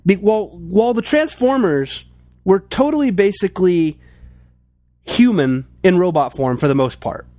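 A man's voice: high voice, expressive, normal speed, dark tone, dry recording, clean studio sound. A man in casual chat about toys, rambling with many restarts and filler words. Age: adult, toy collector since childhood.

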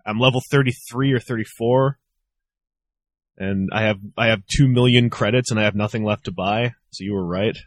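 A man's voice: lowish voice, moderate pace, no echo. Rambling man hosting a chat show. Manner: rambling, self-interrupting. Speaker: podcast host. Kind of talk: casual chat.

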